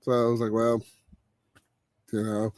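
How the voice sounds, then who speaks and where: A man hosting a casual late-night chat, animated, his voice leaping high when he gets excited. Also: unhurried, no echo. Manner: animated, exclaims with big pitch jumps when excited. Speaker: podcast host.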